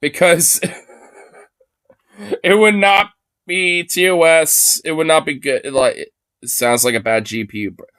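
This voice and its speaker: A man reacts to a debate clip in a loose, profanity-laced ramble that mocks the people in it. His voice sits a little high. The recording is dry and close, with no room sound. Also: measured pace, long pauses, fairly bright tone, smooth, no room sound. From Irish descent claimed, not origin. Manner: heavy swearing, rambling, mocking. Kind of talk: casual profane commentary.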